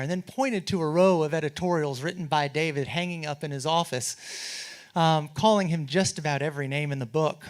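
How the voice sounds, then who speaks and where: A man, a state legislator, telling wry anecdotes in a memorial speech at a symposium. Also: on the high side. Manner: storytelling with quoted voices and wry humor. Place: auditorium at a symposium.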